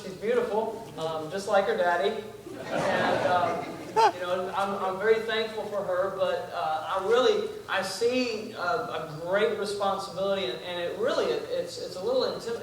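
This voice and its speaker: Young guy preaching, lots of uhs and restarts, high voice, far from the mic in a big echoey room. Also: a bit bright. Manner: folksy, self-deprecating, many fillers and restarts. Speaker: visiting preacher, missionary. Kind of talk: sermon with casual asides. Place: church sanctuary. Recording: echoey church from far off, noisy.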